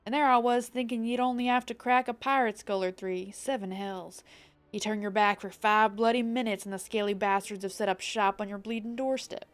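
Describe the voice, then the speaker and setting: A woman voicing a gruff male pirate-town guild master, reading game dialogue aloud with a rough drawl that slides into a southern US twang. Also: mid-range voice, fairly even intonation, brisk, close to an everyday voice.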